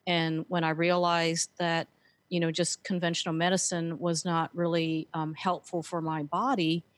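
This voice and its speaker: A woman's voice: on the low side, level tone, moderate pace, no room sound. A woman telling her story earnestly as a guest, with frequent fillers. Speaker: guest, author and speaker. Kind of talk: conversational interview.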